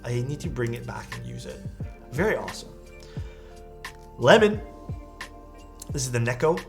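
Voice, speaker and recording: An easygoing male streamer chats his way through photos, his pitch bouncing up and down as he reacts. Faint music plays behind him. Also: sing-song, normal speed, gravelly. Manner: enthusiastic, easygoing, lots of praise. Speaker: streamer reviewing viewers' keyboard photos. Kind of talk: casual live-stream commentary.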